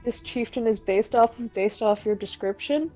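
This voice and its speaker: A woman's voice: fairly high pitch, normal speed, dark tone, soft background music, rough recording. A woman player in a casual tabletop game, reacting in a playful way.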